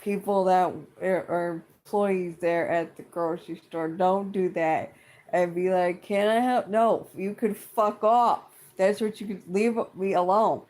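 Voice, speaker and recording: A middle-aged speaker venting in a casual vlog rant, blunt and exasperated, with constant swearing and lots of repetition. The delivery is slow and drawn out, and the pitch sits in a middle range. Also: steady tone, a little mellow. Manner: blunt and exasperated, heavy swearing, repeats itself. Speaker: vlogger. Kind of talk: casual profane rant to camera.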